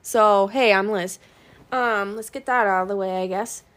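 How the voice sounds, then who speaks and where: A young woman hosting her own podcast in a casual, rambling way, frank and swearing, with many ums and pauses. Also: mid-range voice, fairly even intonation. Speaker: podcast host.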